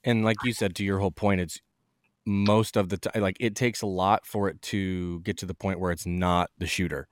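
A man chatting in a relaxed, rambling, self-deprecating way on a podcast. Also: sits low, normal speed, no echo, studio quality. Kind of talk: casual podcast talk.

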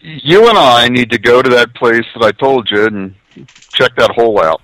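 A man's voice: medium pitch, moderate pace, a bit bright, dry recording, low-quality recording. A man co-hosting a casual podcast chat, teasing and prodding the others. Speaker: podcast co-host.

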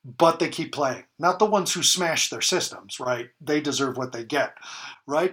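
His voice fairly high and a bit bright, a man in his fifties speaks at a moderate pace while giving parenting advice on a podcast. The conversational interview finds him emphatic, with key phrases repeated for stress.

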